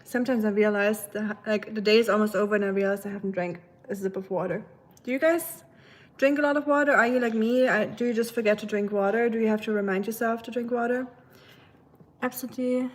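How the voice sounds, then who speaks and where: A woman's voice: medium pitch, fairly even intonation, fast. A woman from Germany with a German accent, casually chatting with viewers on a live stream from her home kitchen, with plenty of fillers and asides. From Germany, Black Forest.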